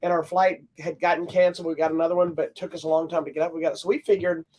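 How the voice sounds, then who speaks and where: A podcast co-host from Texas chatting casually, clearing the throat often and telling a long trip story with many restarts. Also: mid-range voice, flat delivery, racing, darkish tone. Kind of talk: casual chat.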